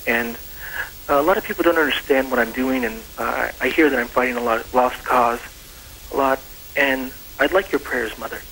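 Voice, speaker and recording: A man's voice: medium pitch, moderate pace, pushed and bright, slight background noise, low-quality recording. A teenage boy calling a talk show, polite and earnest, hesitant with fillers. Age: teens. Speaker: caller. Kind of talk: phone-in question.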